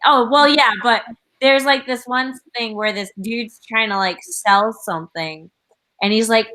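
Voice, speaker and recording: A woman's voice: a little high, a little slow, sharp tone, poor audio. A woman hosting a writing livestream, chatting casually over a video call, giggling often and rambling with lots of fillers. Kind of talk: casual chat.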